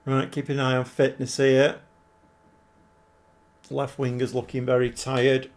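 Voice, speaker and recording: Gravelly-voiced man chatting on a stream. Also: medium pitch, completely flat delivery, measured pace. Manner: chatty, answers viewers' chat, swears mildly. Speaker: game livestreamer. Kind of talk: casual live-stream commentary.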